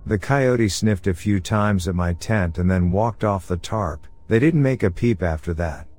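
A man narrating true scary stories sent in by listeners, in a steady, low-key storytelling manner. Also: a little slow. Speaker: podcast narrator. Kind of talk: reading listener horror stories.

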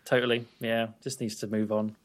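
A man's voice: mid-range voice, little pitch movement, brisk. Joking man reacting on a podcast. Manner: joking reactions, laughs easily. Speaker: podcast co-host. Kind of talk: casual film discussion.

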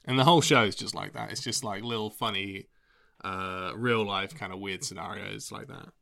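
A man's voice: fairly low pitch, fairly even intonation, moderate pace, creaky, bright, forceful tone. A young man chatting casually in a rambling, laid-back way, swearing freely as he talks about TV shows. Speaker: vlogger. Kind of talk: casual chat.

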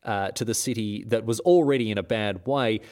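A man's voice: lowish voice, a little fast, a little mellow, smooth. A man hosting a comedic history podcast, who tells the story in an irreverent, rambling way and often stumbles and restarts. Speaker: host.

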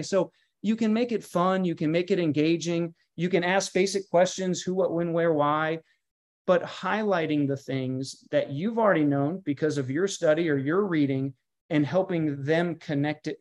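A man's voice: on the high side, normal speed, a little mellow. A man who is a pastor and guest author, speaking in a podcast interview with an emphatic, preacher-like manner that builds through lists and repeated phrases. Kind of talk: podcast interview, earnest teaching tone.

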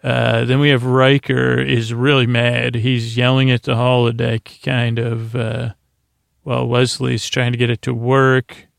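A man's voice: medium pitch, flat delivery, unhurried, vocal fry, no room sound, clean studio sound. A man hosting a sleep podcast, recapping a TV episode in a meandering, drowsy way and often losing his place. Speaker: podcast host.

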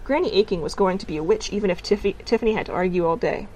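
A woman narrating a storybook in a calm, gently wry telling. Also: mid-range voice, racing, a little hiss or hum, poor audio. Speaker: audiobook narrator.

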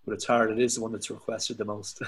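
A man with an Irish accent, a poet talking casually as a podcast guest, reflective and halting with many restarts. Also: fairly low pitch, level tone, slightly rough, rough recording. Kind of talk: casual conversation.

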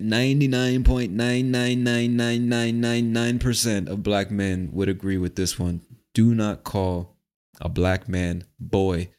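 A man from the United States talking casually and profanely as host of a podcast monologue. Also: low-pitched. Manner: relaxed, profane, conversational.

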